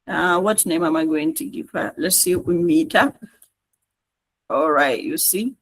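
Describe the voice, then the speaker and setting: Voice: mid-range voice, measured pace, rough recording. A trainer with a Nigerian English accent gives an online tutorial and narrates each step on screen. The delivery is coaxing and repetitive, with frequent checks that the class is following.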